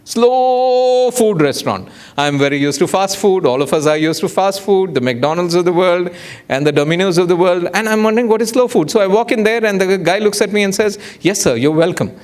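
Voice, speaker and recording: A man giving a public lecture, telling anecdotes and acting out the people in them with big jumps in pitch. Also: fast, clear, resonant tone. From India. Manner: animated storyteller, acts out dialogue with big pitch jumps. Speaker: guest lecturer. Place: lecture hall.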